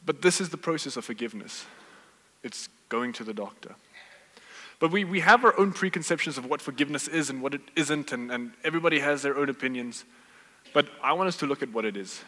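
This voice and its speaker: Bright-voiced preacher in echoing hall. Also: male voice, medium pitch, a little fast. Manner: relaxed, joking, conversational preaching. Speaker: pastor. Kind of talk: sermon with storytelling. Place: church hall. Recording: long hall reverb.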